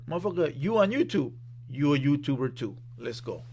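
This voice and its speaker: A man's voice: medium pitch, sing-song, fairly quick, darkish tone. A man hosting a reaction channel from a studio room, giving casual commentary in a blunt, profane, conversational way.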